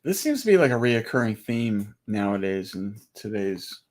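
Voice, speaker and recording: A man's voice: on the low side, very animated, moderate pace, darkish tone. A man co-hosting a live stream, giving short casual replies. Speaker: co-host.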